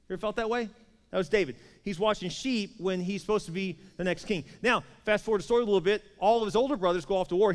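Male pastor, sermon, high voice, animated storytelling, long hall reverb. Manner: storytelling with acted-out dialogue, animated and joking.

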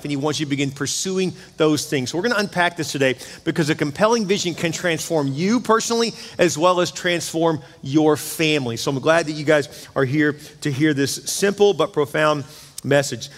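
In a large church sanctuary full of lingering reverb, a middle-aged pastor with a high, light voice delivers a lively, conversational sermon. He frequently breaks off to speak directly to the congregation.

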